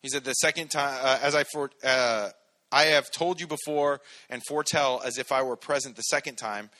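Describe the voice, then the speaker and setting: A man's voice: mid-range voice, steady tone, moderate pace, pushed and bright. A man preaching a casual, conversational sermon, joking and acting out little quotes. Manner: casual, jokey, acts out quotes in voices. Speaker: pastor.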